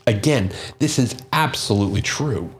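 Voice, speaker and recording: Speaking alone about marketing, this commentator has a mid-range, slightly rough voice and an animated delivery at normal speed. He reads quotes and figures aloud before stressing his own views emphatically.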